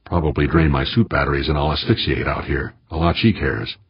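A man's voice: very deep voice, a little fast, slightly rough, no echo, highs cut off, voice pushed down, full character voice. A man voicing a grumbling, irritable male spacewalker who growls his replies.

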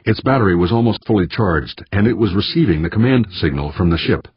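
A man reading an audiobook in a measured, steady manner. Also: lowish voice, husky, no room sound, dull audio. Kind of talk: audiobook narration.

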